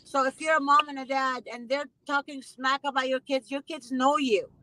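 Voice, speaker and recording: A woman's voice: high voice, fairly even intonation, normal speed, bright, forceful tone, poor audio. A woman hosting a casual conversation, talking emphatically and passionately and often repeating herself for weight. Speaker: host; mother.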